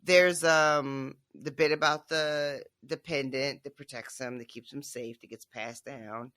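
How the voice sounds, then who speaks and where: An animated co-host chatting casually about a book, laughing often and leaning on filler words. The voice is bright and forward at a middling pitch. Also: measured pace. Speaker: podcast co-host. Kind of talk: casual book discussion chat.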